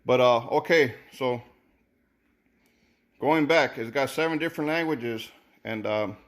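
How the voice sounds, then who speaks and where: A man's voice: mid-range voice, a little slow. A man casually reviewing sneakers, thinking aloud with many repeated words and restarts. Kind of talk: casual unboxing commentary.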